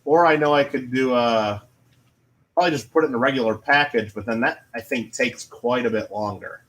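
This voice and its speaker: A man's voice: mid-range voice, brisk, fairly bright tone. Easygoing, hesitant man streaming a game. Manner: easygoing, hesitant, laughs often. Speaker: streamer and chat moderator. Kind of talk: casual stream chat while gaming.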